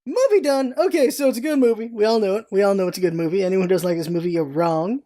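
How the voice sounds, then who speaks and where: A young woman casually reviewing a movie on her vlog, chatty and excitable, rambling with restarts and quick character impressions. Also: medium pitch, faint music behind.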